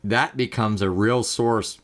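A man's voice: fairly low pitch, steady tone, slow pace, fairly bright tone. A man co-hosting a podcast, chatting casually, joking at times and at times making thoughtful points. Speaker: podcast co-host.

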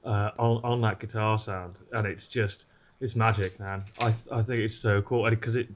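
A British man with a low voice explains the music with clear enthusiasm. He keeps it casual and chatty, stopping to pick his words. This is a relaxed podcast talk. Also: moderate pace, slight background noise. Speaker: podcast co-host. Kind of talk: casual chat.

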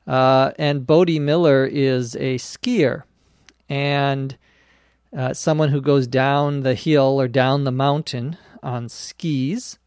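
A man hosting an English-learning podcast, explaining words slowly and spelling them out letter by letter with frequent "uh"s. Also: mid-range voice, darkish tone, dry recording, studio quality. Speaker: English teacher podcast host. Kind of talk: slow explanatory podcast lesson.

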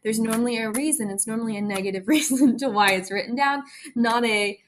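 A woman's voice: on the high side, steady tone, brisk. A young woman hosting a candid devotional podcast, talking earnestly and confessionally, often laughing at herself. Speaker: faith podcast host. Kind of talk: candid personal devotional talk.

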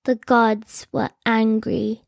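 Woman storyteller, high pitch, close dry sound, scripted narration with wry asides. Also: level tone, slow, gravelly, no room sound.

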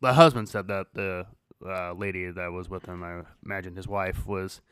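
A man's voice: low-pitched, steady tone, moderate pace, a bit bright, clean tone, no room sound. A man hosting a podcast, casually telling a story, swearing freely and laughing as he goes. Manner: laid-back, swears freely, laughs through his story. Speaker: podcast host.

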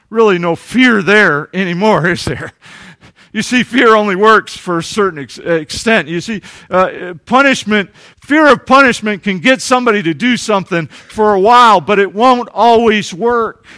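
A male pastor with a high voice preaches with earnest conviction. He swings from lively emphasis to hushed, tender passages. His voice sounds dry and close, with no room around it. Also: normal speed, dry recording. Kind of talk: sermon.

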